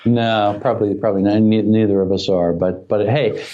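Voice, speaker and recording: A man's voice: on the low side, fairly quick, lo-fi sound. A man talking as a cybersecurity expert guest on a podcast, telling stories and acting out quoted dialogue. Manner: animated storyteller who acts out quoted dialogue. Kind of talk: conversational podcast interview.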